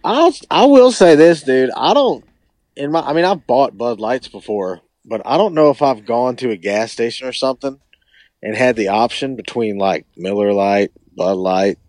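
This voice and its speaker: A man's voice: mid-range voice, lively intonation, moderate pace, a little mellow, no echo. A man, a musician guest on a podcast, chatting in a laid-back, agreeable way. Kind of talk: casual chat.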